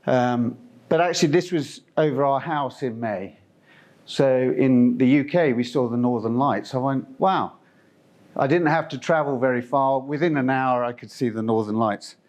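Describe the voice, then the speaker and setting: A man's voice: mid-range voice, moderate pace, darkish tone. A middle-aged man from Zimbabwe giving a conference presentation, chatty and meandering, with lots of fillers and restarts. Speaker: company presenter.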